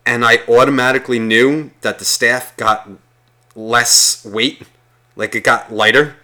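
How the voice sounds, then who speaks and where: A man with a bright, forceful voice tells a rambling story in casual chat. He swears constantly and slips into the voices of the people he quotes. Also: mid-range voice, fairly even intonation, unhurried. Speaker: guest telling a story.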